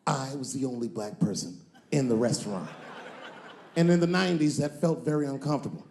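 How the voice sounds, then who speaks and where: A male comedian telling a long story on stage, moving between loud punchlines and low, drawn-out asides. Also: roomy sound, slight background noise. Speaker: stand-up comedian.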